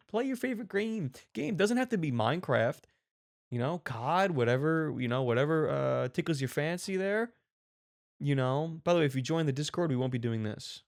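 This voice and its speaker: A man's voice: a little high, normal speed, gravelly. Sarcastic man ranting over clips. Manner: animated, mock-serious, swears casually. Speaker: host. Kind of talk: sarcastic reaction commentary.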